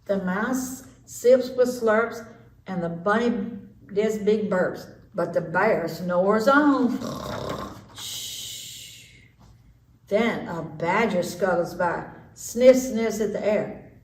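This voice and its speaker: Woman, story time reader, slow and animated; echoey room, far mic. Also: medium pitch. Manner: slow, expressive, lively storytelling. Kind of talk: children's read-aloud. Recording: echoey room, distant mic, faint noise.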